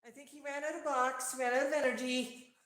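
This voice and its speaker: A woman with a high, bright voice talks to her pet parrot in soft, coaxing pet talk, calling it honey and buddy. She hosts a relaxed home live stream. The sound bounces around a very echoey room. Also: brisk. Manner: cooing, coaxing pet talk with terms of endearment.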